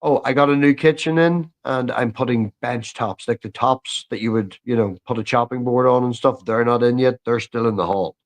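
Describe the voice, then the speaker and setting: A man's voice: mid-range voice, normal speed, hardly any pauses. A man chatting as a guest on a live stream, stammering when he gets going and swearing casually. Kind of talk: casual chat.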